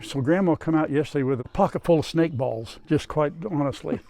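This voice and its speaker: A man's voice: on the high side, brisk, vocal fry, mellow, rough recording. An older man chatting casually outdoors on his farm, talking to his dogs and to the camera as he goes. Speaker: farm vlogger.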